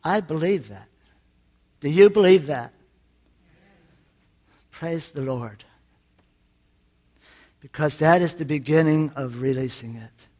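A man preaching a folksy sermon, his voice sitting a little higher than most men's. He drops to a near-confiding hush, then swells into loud emphasis, and breaks up the teaching with jokes. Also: takes it slowly, long pauses. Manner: folksy, tells jokes, swings from soft to loud. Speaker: pastor.

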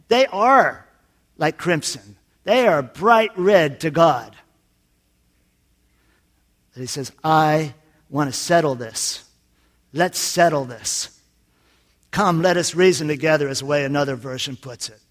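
Man preaching a folksy sermon. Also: on the high side. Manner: folksy, tells jokes, swings from soft to loud. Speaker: pastor.

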